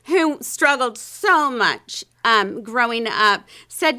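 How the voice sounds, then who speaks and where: A woman's voice: a little high, lively intonation, slow pace, sharp tone. A woman hosting an interview, reflective, asking thoughtful questions and laughing easily. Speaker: host. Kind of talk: conversational interview.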